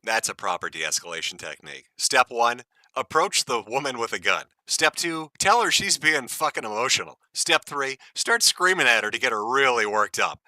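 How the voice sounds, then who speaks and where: A man hosting a live stream who mocks the clip he is playing with crude sarcasm and bursts of laughter. His voice is very bright and cutting, his pitch jumps around lively, and the close mic sounds dry. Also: moderate pace, no room sound. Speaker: stream host commenting on a clip. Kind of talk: mocking live-stream commentary.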